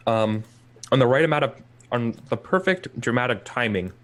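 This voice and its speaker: A man's voice: medium pitch, animated, moderate pace, fairly bright tone. A man narrating as game master, loose and rambling with many fillers.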